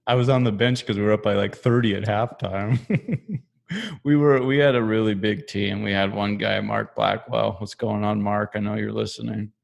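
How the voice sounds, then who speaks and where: Low, gravelly man telling laughing stories. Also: fairly even intonation, normal speed. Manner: laughing, rambling storyteller. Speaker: co-host. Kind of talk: casual podcast chat.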